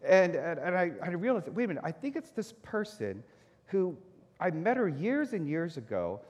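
Here a high-voiced pastor, speaking at a moderate pace, relates a personal story from the pulpit. He animatedly performs his own reactions, anger included, and the hall's reverb echoes around him.

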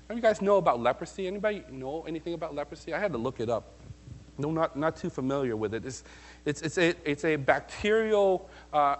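A male preacher delivers a sermon with a slightly raised pitch. He talks to the congregation casually and keeps firing questions at them. He swings between bursts of energy and quieter stretches. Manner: animated, conversational, asks the congregation questions. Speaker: pastor.

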